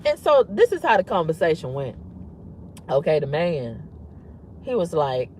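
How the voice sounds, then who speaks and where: A woman with a husky voice, telling a story to camera in a blunt, emphatic, often repetitive way. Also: low-pitched, sing-song, a little slow, darkish tone, slight background noise. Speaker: vlogger. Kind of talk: candid storytelling rant.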